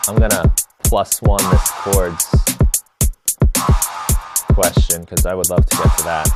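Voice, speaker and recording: A man teaching a live tutorial on drum sequencing, chatty and relaxed, answering viewer questions as he demonstrates. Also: low-pitched. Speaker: music production instructor.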